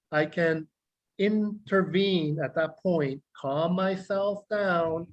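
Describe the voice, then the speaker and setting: A man, a clinical psychologist, explaining self-regulation to a group in a measured way, listing words slowly and asking questions. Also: fairly high pitch, poor audio. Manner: measured, repeats key words in slow lists; speaks directly to listeners, asks rhetorical questions. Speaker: clinical psychologist teaching a meditation class.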